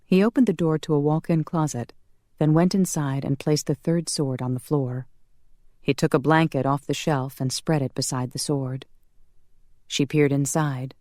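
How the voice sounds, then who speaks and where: An audiobook narrator reading a romance in a measured, calm manner. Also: mid-range voice, dry recording, studio quality. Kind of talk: scripted narration.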